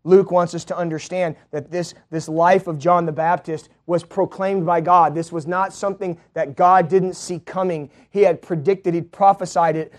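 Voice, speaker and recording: Guy preaching a sermon, high voice, goes from low and quiet to loud and fired up. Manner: builds from low, quiet teaching to loud, high-pitched proclaiming.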